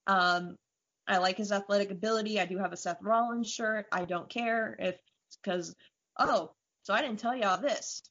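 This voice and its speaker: A woman co-hosting a podcast, casually chatting and telling animated stories with frequent swearing. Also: medium pitch, normal speed. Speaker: podcast co-host. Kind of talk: casual chat. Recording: dull lo-fi audio.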